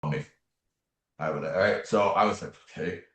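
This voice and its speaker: A man with a very low voice tells a personal story as an interview guest. He talks earnestly and casually, often tossing in "man" and "right?". The recording sounds roomy, with a noticeable echo. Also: moderate pace, fairly bright tone. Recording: echoey room.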